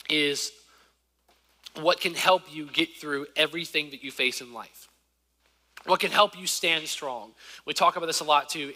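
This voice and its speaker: A man in his twenties from Southern Virginia with a slight lisp, preaching a sermon in a church. He swings between loud exhortation and quiet personal asides. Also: on the high side. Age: 20s. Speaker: youth preacher. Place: church sanctuary. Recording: long hall reverb.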